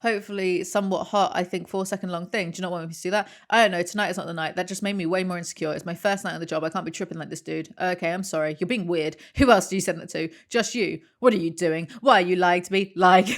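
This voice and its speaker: Woman in her thirties, sarcastic, deadpan, swears a lot, Reddit reaction vlog. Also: on the low side, fast. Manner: sarcastic, swears freely, reads messages aloud in flat deadpan. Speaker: YouTuber reading Reddit posts. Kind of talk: casual reaction commentary.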